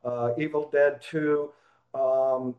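A man co-hosting a casual movie podcast, speaking haltingly with many fillers. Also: medium pitch, little pitch movement, phone-quality sound. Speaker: podcast co-host. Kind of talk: casual chat.

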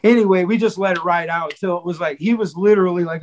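A man, a guest drummer, telling a story in casual chat, animated and swearing freely as he acts out the voices of others. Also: sits high, quick pace.

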